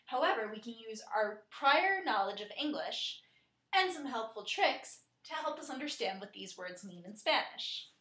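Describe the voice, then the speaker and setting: A woman narrating a scripted lesson in a clear, steady way, slowing down to spell out and pronounce words. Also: a little high, reverberant. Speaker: teacher.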